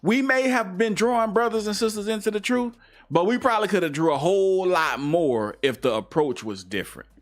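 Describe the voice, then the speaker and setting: A man's voice: lively intonation, fairly quick. Heated preachy man on talk radio. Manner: heated, preachy, swings from low mutters to high outbursts. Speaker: radio show co-host. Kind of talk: casual talk radio discussion.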